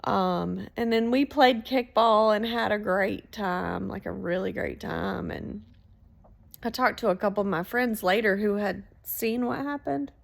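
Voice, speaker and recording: A woman telling a story in a casual, animated way, swearing freely. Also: medium pitch, a little slow, creaky. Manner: animated, swearing, laughs between lines.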